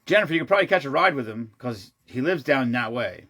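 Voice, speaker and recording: A man in casual conversation, talking in loose, rambling runs that often break off and start again. His voice sits in a middle pitch, and he drops in blunt, profane asides as he goes. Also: animated, fast talker, pushed and bright, soft background music. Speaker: show regular. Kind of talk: casual chat.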